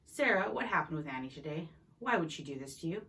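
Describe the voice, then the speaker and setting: A woman's voice: low voice, expressive, fast, pushed and bright, full character voice. A woman voicing an upset mother who speaks sharply and indignantly. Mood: outraged.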